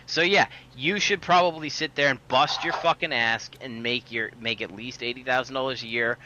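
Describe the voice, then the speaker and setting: A man's voice: mid-range voice, moderate pace, muffled recording, background noise. A man telling a long, profane story in casual podcast chat. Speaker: podcast co-host.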